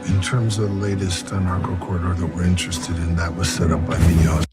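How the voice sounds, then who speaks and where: Man as gruff mumbling agent, very low voice, film audio, loud score behind. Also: little pitch movement, a little fast, over loud music, natural voice. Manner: mumbling delivery. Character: gruff male agent giving exposition.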